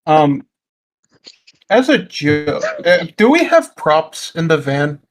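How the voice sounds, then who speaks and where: A man's voice: fairly high pitch, big pitch swings, slow pace, rough recording. A man, a player in a tabletop role-play game, chatting casually with dry jokes over a voice call.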